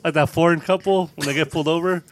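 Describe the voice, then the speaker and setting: A man with a slightly high voice, cursing and slinging slang while he laughs at the jokes. There's a faint hiss behind him in this loose podcast chat. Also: fairly even intonation, quick pace. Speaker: podcast co-host. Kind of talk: crude casual banter.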